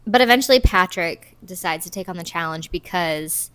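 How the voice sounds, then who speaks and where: A woman's voice: lowish voice, moderate pace, bright, forceful tone. Giggly woman podcast co-host. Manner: chatty, giggly, trails off mid-sentence. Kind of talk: casual chat recapping a movie.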